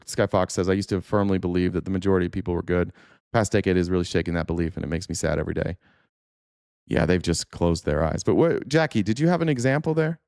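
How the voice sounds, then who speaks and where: A man's voice: sits low, darkish tone, clear, resonant tone, no echo, clean studio sound. Furious, cursing man on a live stream. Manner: angry, profane ranting with sarcastic mock quotes. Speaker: political talk show host. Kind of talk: live-stream commentary, answering chat.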